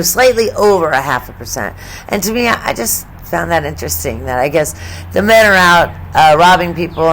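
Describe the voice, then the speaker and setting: A woman's voice: lowish voice, slight background noise. A woman in her fifties hosting her own true crime channel, giving blunt, opinionated commentary with swearing and chuckles at grim details. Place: home studio.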